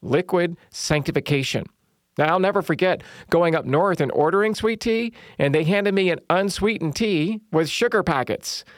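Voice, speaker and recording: A man's voice: high-pitched, normal speed, dry recording, clean studio sound. A middle-aged man, preaching a sermon with humorous storytelling. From Southern United States. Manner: humorous storytelling, lively quoted voices. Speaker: pastor.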